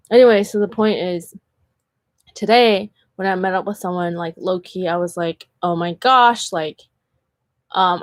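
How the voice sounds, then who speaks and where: Brief: woman, candid chatty vlogger, mid-pitched, dry close sound, filler-heavy storytelling. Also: darkish tone, dry recording. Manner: earnest and candid. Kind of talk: casual storytelling vlog.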